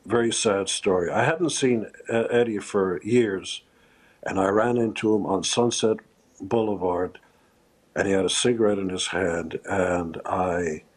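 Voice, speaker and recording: A lower-pitched man with a husky, breathy voice, speaking as a guest in a live news interview from a remote location. He talks haltingly and with emotion, often restarting his sentences and filling gaps with "uh." The words come slowly and unevenly. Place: remote location far from the studio.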